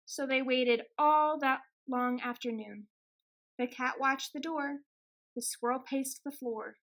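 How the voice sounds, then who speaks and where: A woman reads a children's picture book aloud in a gentle, expressive storytelling voice. Her pitch sits high. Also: unhurried. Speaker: extension outreach reader.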